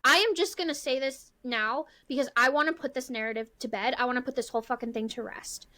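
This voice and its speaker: A woman in her thirties co-hosts a casual podcast chat, her voice sitting a little high. She talks bluntly and with emphasis, hammering her points home. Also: quick pace, bright, forceful tone. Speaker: podcast co-host.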